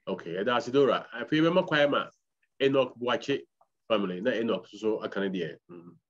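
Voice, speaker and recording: A man with a lowish voice keeps a call-in session moving, briefly thanking each caller and naming the next. The sound is a bit dull and lo-fi. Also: a little fast. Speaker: moderator calling on callers.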